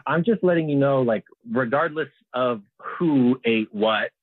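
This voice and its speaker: A man's voice: medium pitch, measured pace, no room sound. Hesitant man on a tinny phone line. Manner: hesitant, stammering, full of ums. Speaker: caller. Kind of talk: phone call to a radio show.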